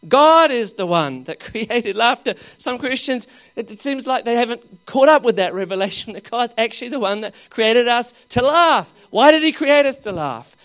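An expressive preacher at medium pitch keeps a moderate pace with few pauses through a comic sermon. He quizzes the crowd, laughs a lot, and alternates between booming exclamations and soft asides.

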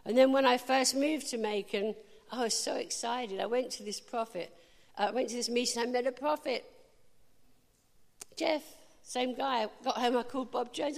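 A woman preacher giving a sermon, telling lively stories and speaking directly to the congregation. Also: on the high side, gravelly, in a large hall. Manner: lively storytelling, quick asides to the audience. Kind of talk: sermon with anecdotes.

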